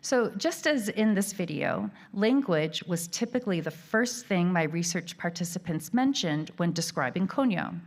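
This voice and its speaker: Woman lecturing at a conference, fairly low voice, measured and reading from notes. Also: lively intonation. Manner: measured, reading a prepared text. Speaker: keynote speaker. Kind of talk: academic lecture.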